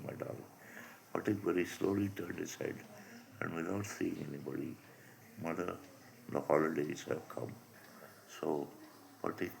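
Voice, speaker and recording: A man reading a story aloud as a teacher, halting, restarting, and stopping to explain it. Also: a bass voice, creaky, slight background noise, rough recording.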